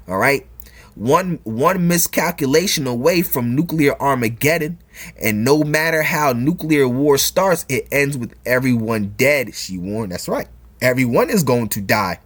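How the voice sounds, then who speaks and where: A man delivers informal religious commentary in a middle-pitched voice, reading passages aloud and then preaching over them. He talks emphatically, repeats key phrases, and keeps checking in with "all right?" and "man", with frequent chuckles. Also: expressive, unhurried, a bit bright, husky.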